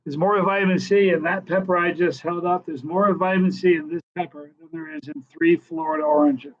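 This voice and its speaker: A man's voice: high voice, a little fast, creaky. Chatty older man on a lo-fi stream. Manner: chatty, animated storyteller. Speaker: live stream host. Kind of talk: casual live Q&A and storytelling. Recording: dull lo-fi live stream audio.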